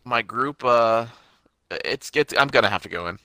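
A man's voice: mid-range voice, expressive, normal speed, sharp tone, no echo. A young man co-hosting a casual chat, giving dry, matter-of-fact remarks and episode details. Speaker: podcast co-host.

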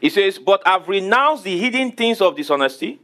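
Preaching a sermon, this pastor uses call-and-response questions to get the congregation to reply. His voice is high and animated with big pitch swings, and he eases the pace to repeat important words and spell them out.

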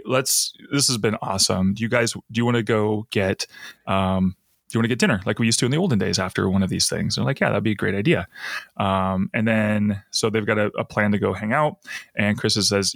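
A man's voice: lowish voice, creaky, a bit bright, dry recording, clean studio sound. A man hosting a podcast, casually recapping a TV episode and laughing often as he retells scenes. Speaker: podcast host.

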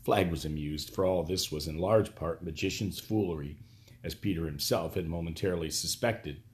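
A man narrating an audiobook in a steady, even storytelling manner. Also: low-pitched, moderate pace.

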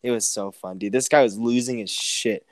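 A man's voice: mid-range voice, normal speed, no echo. A young man co-hosting a casual podcast chat, telling stories animatedly, swearing often and acting out what people said. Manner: animated storyteller, swears a lot, quotes people in raised voices. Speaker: podcast co-host.

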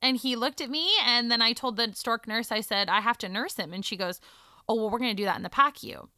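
Woman, 30s, chatty storyteller, bright crisp voice, animated with quiet hushed moments. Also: fairly high pitch, fairly quick, no echo, clean studio sound. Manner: animated, drops to a hush for emotional moments. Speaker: guest telling her birth story. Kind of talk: casual storytelling chat.

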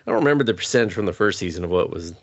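A man's voice: low voice, animated, very fast, dry recording. Rambling, swearing man with a cough. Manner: rambling and profane, chuckles often. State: sick with a cough. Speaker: podcast host. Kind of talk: casual chat recapping anime.

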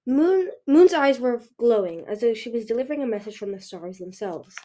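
A woman reading a fantasy novel aloud in steady storytelling narration. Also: on the high side, moderate pace. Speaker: audiobook reader.

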